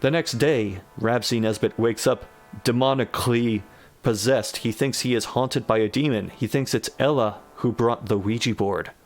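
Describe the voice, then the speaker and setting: A man reads an absurd story aloud in a deadpan, mid-pitched voice. He breaks in now and then with dry, wry comments. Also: moderate pace, soft background music. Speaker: reader of a generated story. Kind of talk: deadpan comic reading with asides.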